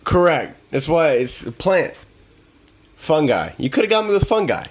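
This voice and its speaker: A man's voice: a little high, very animated, normal speed, breathy edge. A man hosting his own podcast, chatting casually, laughing often and teasing his co-host. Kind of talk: casual banter.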